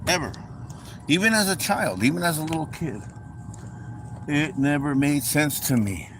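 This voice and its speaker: Steady background noise runs beneath a preacher's informal, conversational sermon. His voice is fairly high and moderately paced, and he repeats phrases while speaking directly to his listeners, calling them folks.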